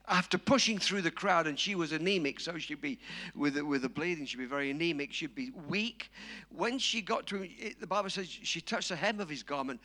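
A man preaching a sermon, dramatic and storytelling, acting out quotes and rising to shouts. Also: high-pitched.

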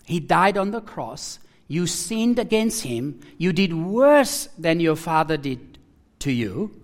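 A gentle devout foster mother, as a man quotes her. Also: on the high side, big pitch swings, takes it slowly, full character voice. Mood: gently urging.

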